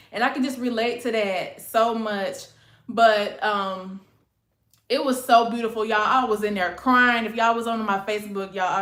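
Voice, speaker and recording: A woman's voice: fairly high pitch, fairly bright tone. A woman, chatting casually and rambling to her livestream viewers, calling them y'all and honey. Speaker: livestream host. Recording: echoey room.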